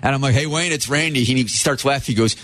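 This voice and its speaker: A man on a radio show telling an animated story, quoting the people in it. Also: mid-range voice, fast talker. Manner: animated storyteller, quotes others.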